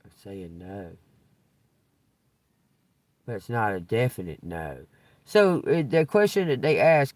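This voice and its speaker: A man's voice: on the high side, darkish tone, dry recording. A man giving a tarot reading on a live stream, rambling and cursing freely, with frequent chuckles. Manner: rambling, profane, chuckles often. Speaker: tarot reader.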